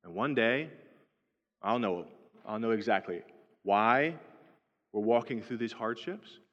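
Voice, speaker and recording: A man's voice: fairly low pitch, lively intonation, measured pace, a bit bright. A male pastor preaching a sermon in a conversational way, often checking in with "right?". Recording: dull lo-fi sound with long hall reverb.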